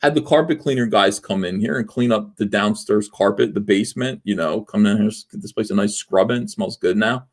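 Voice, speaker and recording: A man's voice: lowish voice, fairly quick, hardly any pauses. A man in his forties hosting a casual livestream from his home office, rambling and sarcastic, with plenty of fillers while he reads out viewer messages. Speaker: livestream host. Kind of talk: casual livestream chat reading super chats.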